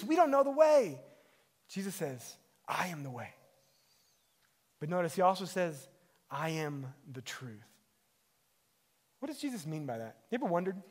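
High-voiced man preaching a sermon. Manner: conversational preaching, rising to emphatic peaks. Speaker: pastor.

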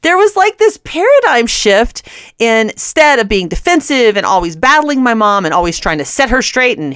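Woman, Christian radio host, earnest storytelling, laughs between words, smooth tone. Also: on the high side, big pitch swings, moderate pace, a bit bright, dry recording, clean studio sound. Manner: earnest, often laughing mid-sentence.

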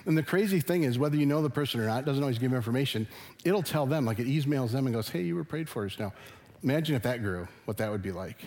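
A man's voice: mid-range voice, lively intonation, rapid-fire, a little mellow. Earnest middle-aged male pastor preaching. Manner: earnest, conversational preaching with rising emphasis. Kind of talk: sermon. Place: church sanctuary.

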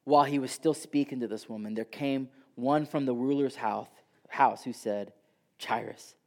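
A man preaching a sermon who swings from loud, emphatic passages down to soft near-whispers. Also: mid-range voice, moderate pace.

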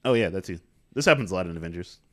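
A man in casual podcast chat about a movie, adding quick, wry, dry comments. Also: low-pitched, expressive, a bit bright, no room sound. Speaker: podcast co-host.

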